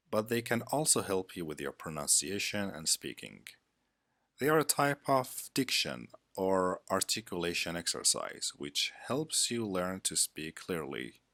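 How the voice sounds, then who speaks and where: Deep-voiced, slow-talking male English teacher. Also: bright, forceful tone, no room sound, clean studio sound. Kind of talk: scripted lesson narration.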